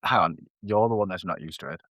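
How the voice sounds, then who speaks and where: A man co-hosting a casual late-night podcast chat, playful and teasing and quick to laugh. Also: deep voice, fairly bright tone, no room sound. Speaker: podcast co-host.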